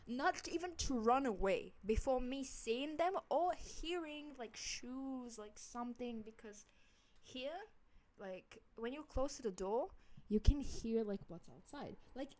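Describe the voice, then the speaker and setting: A young woman with a slightly higher voice rambles through a casual story time from her home office. She swears freely and keeps dropping "like" between thoughts, speaking into a desk microphone. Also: darkish tone. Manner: rambling, swears a lot, heavy use of "like". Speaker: vlogger. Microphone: studio microphone at desk.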